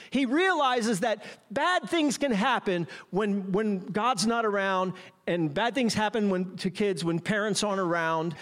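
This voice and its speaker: A middle-aged man, a pastor, gives a playful sermon and talks straight to the congregation. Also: sits high.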